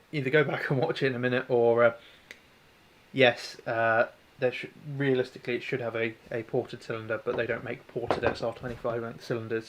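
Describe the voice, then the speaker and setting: Chatty man fixing airsoft gear. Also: mid-range voice. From New Zealand. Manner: rambling, chatty, self-deprecating, answers chat. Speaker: airsoft tech livestream host. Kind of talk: casual livestream chat while working on a gun.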